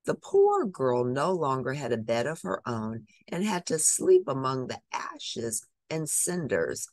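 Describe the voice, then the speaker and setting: Low, lively woman reading a storybook. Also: unhurried, no echo. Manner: expressive, animated storytelling. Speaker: storybook reader. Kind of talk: reading a picture book aloud.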